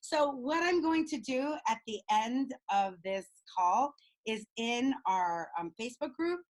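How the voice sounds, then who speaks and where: A woman leading a group coaching call over video, bubbly and excitable, laughing often. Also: fairly high pitch, unhurried, low-quality recording. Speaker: speaking coach.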